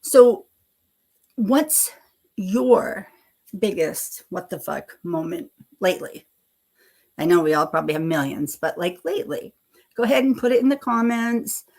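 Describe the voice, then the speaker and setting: A middle-aged woman chatting on a live stream, rambling and self-deprecating. She laughs often and swears casually. Her voice has a gravelly fry, and she talks at an unhurried pace. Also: medium pitch, animated, darkish tone.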